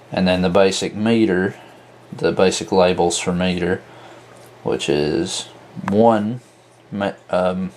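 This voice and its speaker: A man with a very low voice explains a lesson at an unhurried pace, walking methodically through each example and counting items off one by one. A faint hum sits behind him. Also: darkish tone. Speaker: teacher. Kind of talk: explaining at a whiteboard.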